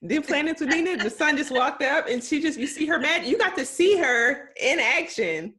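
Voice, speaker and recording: A woman's voice: high-pitched, animated, normal speed, sharp tone. A woman hosting a podcast interview, chatty and rambling, laughing easily between remarks. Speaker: podcast host.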